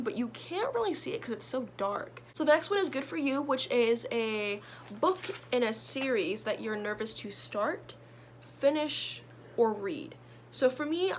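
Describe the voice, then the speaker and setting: A young woman with a slightly high voice talks through her reading list in a chatty, rambling way. She piles on fillers and restarts as she goes. A faint hiss of background noise sits under her voice. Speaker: book vlogger. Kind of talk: casual chat.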